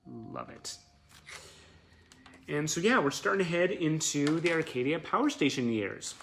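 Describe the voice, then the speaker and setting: Creaky-voiced man chatting about his collection. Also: a little high, animated, unhurried, fairly bright tone, slight background noise. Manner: chatty and enthusiastic, with many fillers. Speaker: collector showing memorabilia. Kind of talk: casual live-stream show-and-tell.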